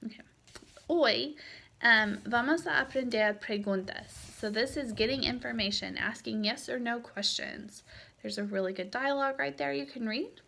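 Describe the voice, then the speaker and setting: Patient female Spanish teacher, gravelly tone. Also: a little high, moderate pace, sharp tone. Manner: patient explaining with frequent fillers. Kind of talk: recorded lecture.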